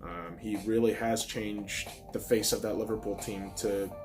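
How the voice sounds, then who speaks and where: A man hosting a casual solo football podcast, excitable and profane, swinging from loud bursts to quiet mumbles. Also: fairly low pitch, measured pace, music in the background. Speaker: podcast host.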